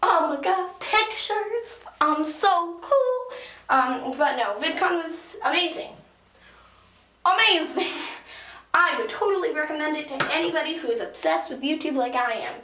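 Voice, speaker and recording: A teenage girl vlogging in an excitable, gushing way, swearing casually while she tells a story and does her makeup. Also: high-pitched, normal speed, hardly any pauses, a little hiss or hum. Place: small echoey room at a mirror. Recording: echoey room.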